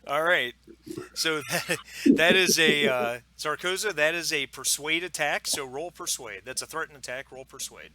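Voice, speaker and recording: A man's voice: on the high side, normal speed, a loud crowd. A man narrating and explaining the rules as game master of a tabletop game, talking loosely with many fillers. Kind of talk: running a tabletop game online.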